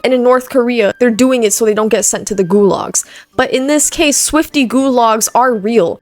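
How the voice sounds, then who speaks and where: A woman's voice: a little high, no room sound. A young woman hosting a reaction video, talking casually in a blunt, sarcastic way and swearing freely.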